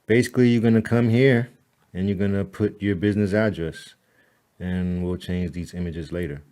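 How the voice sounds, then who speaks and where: A man giving a casual, chatty tutorial on editing a website, laughing at himself now and then and saying "all right" a lot. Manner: relaxed, chatty, repeats "all right" and "boom"; laughs at himself, mutters to the slow computer. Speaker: web designer walking a client through site editing. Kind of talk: casual screen-recorded tutorial.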